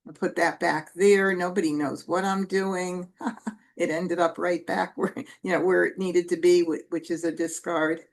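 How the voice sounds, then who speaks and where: A woman's voice: lowish voice, level tone, normal speed, gravelly. A woman teaching Mah Jongg strategy in a casual, chatty way, correcting herself and adding asides as she plays. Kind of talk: casual teaching while playing.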